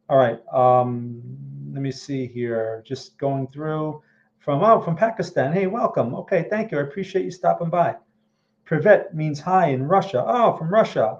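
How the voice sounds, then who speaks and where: A man hosts a live-stream market analysis in a blunt, emphatic way. His voice sits a little high. The audio is muffled and lo-fi. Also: darkish tone. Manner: blunt, emphatic, often says okay. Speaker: trading analyst host.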